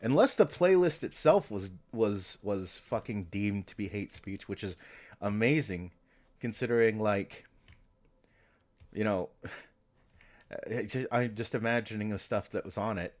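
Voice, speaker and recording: A man's voice: lowish voice, unhurried. A man streaming, talking to himself in a meandering, casual way, swearing often and trailing off into restarts. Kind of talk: casual rambling stream talk.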